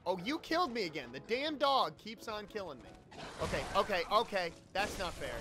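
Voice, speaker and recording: A man giving excitable, joking let's play commentary, often yelling and swearing at enemies. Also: high-pitched. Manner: joking, sarcastic asides. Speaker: YouTube gamer.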